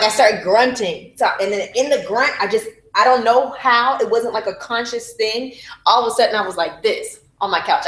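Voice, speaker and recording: Animated woman telling a birth story. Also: mid-range voice, reverberant, rough recording. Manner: candid, profane, acts out her own screams. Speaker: mother telling her home birth story. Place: room at a baby celebration.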